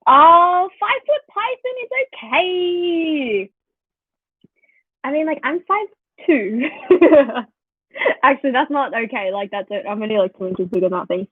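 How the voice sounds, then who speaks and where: A high-pitched Australian vlogger in her twenties speaks a little slowly, with no room sound. She chats to viewers in an animated storytelling style laden with "like," recorded with a tinny, dry, phone-like sound.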